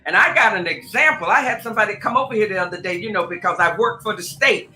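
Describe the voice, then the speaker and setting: A woman spiritual advisor from Tacoma, Washington, is a guest on a radio show, her medium-pitched voice quick, pushed and bright, with faint music behind her. She talks emphatically and exclaims a lot, calling the host "girl" and "honey" in casual, preachy chat. The room is echoey, with faint noise.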